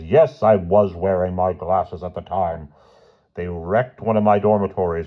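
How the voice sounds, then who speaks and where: Guy doing a pompous huffy headmaster, low voice, muffled recording. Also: natural voice. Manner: indignant, blustering. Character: blustering pompous middle-aged male headmaster.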